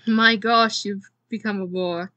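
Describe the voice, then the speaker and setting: A woman's voice: medium pitch, fairly even intonation, measured pace, sharp tone, no echo, highs cut off. A woman voicing a tired, blunt traveler woman. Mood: grumbling. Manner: blunt, exasperated.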